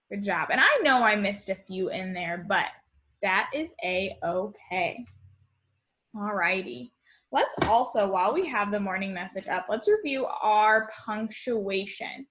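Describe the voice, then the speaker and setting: A young woman teaching young children in a remote lesson, speaking in a slow, sing-song teacher voice. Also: medium pitch, expressive, fairly bright tone. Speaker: kindergarten teacher.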